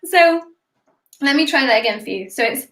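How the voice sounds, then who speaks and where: A woman's voice: high voice, lively intonation, moderate pace, bright, forceful tone, echoey room. A British woman hosting a casual live stream as a singer, chatting and giggling while she reads out viewer comments.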